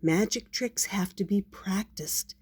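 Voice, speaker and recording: Kind old shopkeeper, gentle and encouraging, as a grandma puts him on. Storybook figure. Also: female voice, medium pitch, slow, breathy edge. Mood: kindly.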